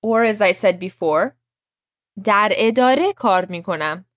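Woman language teacher, patient drill-style delivery, very lively pitch, dry close sound. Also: quick pace, no echo. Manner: patient, explains and drills phrases. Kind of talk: language lesson.

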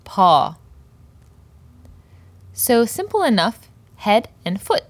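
A woman with a fairly low voice leads a poetry lesson, taking her time and sounding out each example word with care. The sound is dry and close, with no room echo. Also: animated. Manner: slow, careful pronunciation of example words. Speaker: Persian language teacher.

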